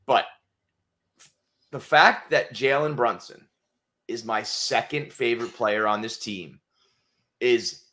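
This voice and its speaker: A man co-hosting a sports podcast, animated and swearing freely. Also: mid-range voice, slow pace, pauses often. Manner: animated, swears freely, voices quotes loudly. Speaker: podcast co-host. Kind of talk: casual sports chat.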